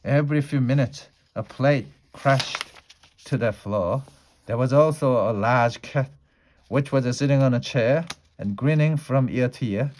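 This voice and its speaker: Man, storyteller, read-aloud for learners, unhurried, occasional fillers, mid pitch. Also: darkish tone, a little hiss or hum.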